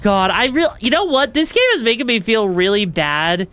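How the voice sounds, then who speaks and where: Female streamer, higher voice, animated and rambly, casual play commentary. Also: moderate pace, slight background noise. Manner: rambling, chatty, lots of fillers.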